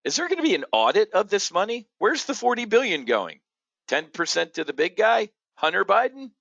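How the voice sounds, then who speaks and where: A man hosting an opinionated market commentary show, blunt and combative, jumping from loud outbursts to low muttering. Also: sing-song, brisk, vocal fry, no room sound, lo-fi sound. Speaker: options trading show host.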